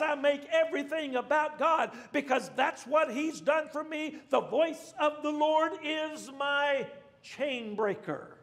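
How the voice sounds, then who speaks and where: High-voiced pastor preaching in a hall. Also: male voice, gravelly, a bit bright. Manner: fervent, repetitive preaching with restarts. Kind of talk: sermon.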